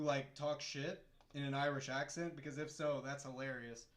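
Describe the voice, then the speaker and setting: A man's voice: medium pitch, flat delivery, normal speed, a bit bright. Casual man commentating in an echoey room. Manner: chatty, jokey, reads chat aloud. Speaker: live-stream host. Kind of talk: casual live-stream commentary. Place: home room.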